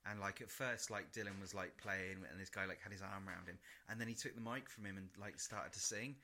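Young bloke on a podcast, rambles, swears a lot, bright forward voice, sits a bit low. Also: male voice, fairly even intonation, brisk, slight background noise. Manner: rambling and sweary, full of "like", acts out quotes. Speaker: podcast co-host. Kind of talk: casual chat.

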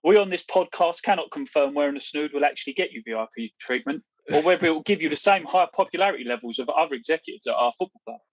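A man co-hosting a podcast, reading a mock advert in salesman patter with deadpan sarcasm. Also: a little high, fast talker, few pauses, no room sound, rough recording. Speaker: podcast co-host.

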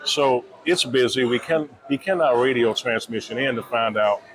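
A man's voice: medium pitch, normal speed, fairly bright tone, rough recording. A man working as a nightclub head of security, telling stories casually and acting out dialogue in raised voices. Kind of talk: casual storytelling in an interview. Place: busy restaurant. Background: crowd chatter.

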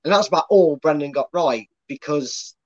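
A man's voice: fairly high pitch, moderate pace, dry recording. Rambling male pundit on a muffled line. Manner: rambling, restarts often. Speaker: guest pundit. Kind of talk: casual live-stream chat.

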